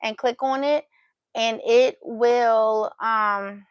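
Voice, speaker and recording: A woman's voice: on the high side, fairly even intonation, very slow, no room sound, muffled recording. A woman hosting a casual livestream, chatting to viewers and cooing playfully at her pet between remarks. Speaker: livestream host.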